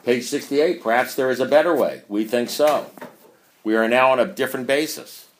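A man's voice: mid-range voice, normal speed, slight background noise. A man speaking at a recovery meeting, reading passages aloud and pressing his points with rhetorical questions. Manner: emphatic, with rhetorical questions and swings in loudness; chuckling as he talks. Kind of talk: impassioned talk reading from a book.

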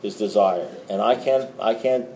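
A man's voice: fairly low pitch, normal speed, darkish tone, roomy sound. Rambling middle-aged man telling a story. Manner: rambling, repeats words and restarts, wry asides. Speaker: recovery meeting speaker. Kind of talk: storytelling talk to a group.

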